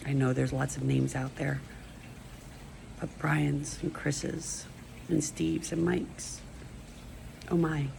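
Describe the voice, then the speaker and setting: A woman's voice: low-pitched, flat delivery, takes it slowly, vocal fry, long pauses, a little mellow, slight background noise, poor audio. A middle-aged woman rambling emotionally in a personal video monologue. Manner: rambling, emotional, stream-of-consciousness. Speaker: vlogger.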